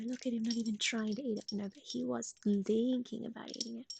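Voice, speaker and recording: A young woman streaming live, whispering softly and cooing in baby talk to her dog while chatting with viewers. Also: fairly high pitch, steady tone, fairly quick, vocal fry, slight background noise. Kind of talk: ASMR livestream chat.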